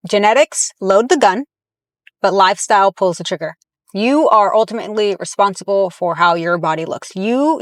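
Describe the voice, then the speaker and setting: Woman reaction vlogger, mid-pitch, blunt and heated, dry close sound in a car. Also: no room sound. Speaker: fitness commentator. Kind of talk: reaction commentary. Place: inside a parked car.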